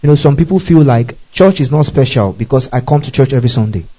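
A man preaching a sermon as a pastor, reading scripture slowly and deliberately and checking in with the congregation again and again. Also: mid-range voice, lively intonation. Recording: dull lo-fi recording.

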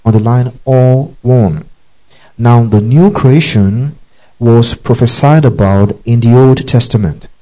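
Man, preacher, verse-by-verse Bible teaching, repeats key lines, keeps asking if listeners follow, mellow tone. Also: medium pitch, slow, low-quality recording. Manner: checks understanding often, repeats key phrases; tells listeners to underline verses.

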